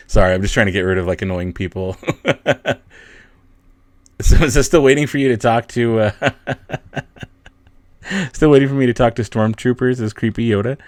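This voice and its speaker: A man's voice: mid-range voice, dry recording, clean studio sound. A young man hosting a casual livestream, reading and answering chat, with frequent laughs and a rambling, self-deprecating way of talking. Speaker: livestream host.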